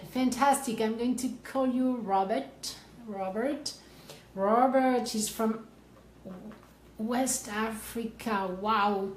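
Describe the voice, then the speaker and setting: A woman's voice: fairly high pitch, roomy sound, poor audio. A woman from France with a French accent, hosting a life coaching livestream in casual chat and greeting viewers by name with effusive enthusiasm. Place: her office.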